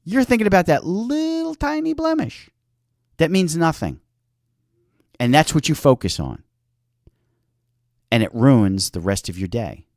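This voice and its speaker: A man's voice: on the high side, very animated, measured pace, pauses often, a little mellow, no echo, clean studio sound. A man hosting a health talk show, giving an earnest motivational talk and acting out little quoted exchanges.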